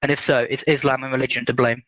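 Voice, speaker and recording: A British man calling in to a live stream, asking his question hesitantly with many pauses. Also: medium pitch, flat delivery, fairly bright tone, no echo. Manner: hesitant, lots of uhs. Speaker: caller. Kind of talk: casual call-in question. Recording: dull lo-fi call audio.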